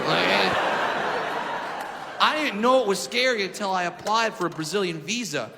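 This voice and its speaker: A man performing a stand-up comedy set on a club stage, loud and animated, shouting his punchlines. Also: high-pitched, moderate pace, creaky, heavy background noise. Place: comedy club stage before a live audience. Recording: reverberant club with crowd laughter.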